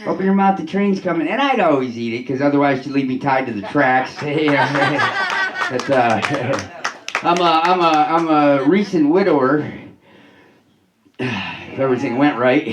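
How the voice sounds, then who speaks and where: A man doing a stand-up comedy set in a club, delivering deadpan one-liners with many halting restarts and "uh"s, laughing at his own jokes. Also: fairly high pitch, roomy sound, background noise.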